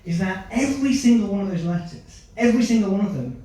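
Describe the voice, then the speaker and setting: A man's voice: high voice, lively intonation, quick pace, mellow. A man doing a stand-up set, chatting and quizzing audience members from the stage. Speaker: stand-up comedian. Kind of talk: stand-up set with crowd work. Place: comedy club stage. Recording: echoey club, from a distance.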